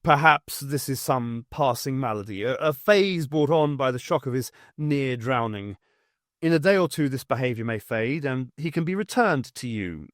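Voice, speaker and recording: A man as a measured country doctor. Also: mid-range voice, expressive, no echo, studio quality, natural voice. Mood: guarded. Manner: measured, cautious. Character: guarded, uneasy country doctor.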